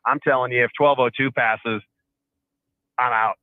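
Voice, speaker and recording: A man's voice: mid-range voice, steady tone, normal speed. A man, a fellow radio host, calling in by phone and bantering earnestly, stressing his points and often repeating words. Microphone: phone line. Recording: tinny phone line.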